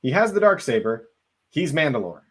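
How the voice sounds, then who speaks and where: A man's voice: fairly high pitch, sing-song, a little fast, husky. A man co-hosting a podcast, earnestly laying out a fan theory at length in casual conversation. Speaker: podcast co-host.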